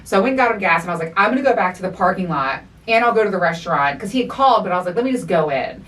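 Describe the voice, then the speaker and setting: A middle-aged woman hosting a podcast, telling a story in animated, profane casual chat and acting out the quotes. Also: mid-range voice, rapid-fire, distant mic. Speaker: podcast host.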